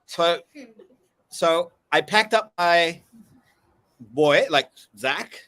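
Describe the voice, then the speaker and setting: A man's voice: fairly high pitch, lively intonation, very slow, sharp tone, no echo. A man in his fifties, co-hosting a casual chat over a video call, boastful and swearing freely. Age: 50s. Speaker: co-host. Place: on the road, remote.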